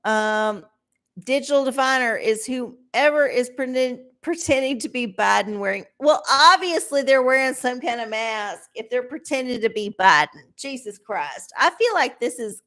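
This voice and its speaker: A woman's voice: on the high side, animated, measured pace, fairly bright tone. A middle-aged woman reading oracle answers on a live stream, rambling, swearing and sarcastic. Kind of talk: casual live-stream chat.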